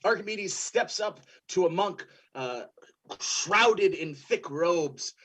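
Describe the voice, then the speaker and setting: A man's voice: high-pitched, animated, slow, a bit bright, husky. A man narrating a tabletop game as game master, improvising loosely with restarts.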